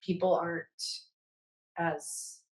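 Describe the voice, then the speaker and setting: A woman's voice: lowish voice, flat delivery, slow, darkish tone, echoey room, poor audio. A woman co-hosting a podcast in casual, heartfelt chat, emotional and rambling, full of "like" fillers. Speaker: podcast co-host.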